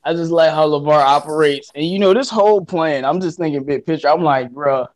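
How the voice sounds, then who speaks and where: Higher-voiced man chiming in on sports talk. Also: fairly quick.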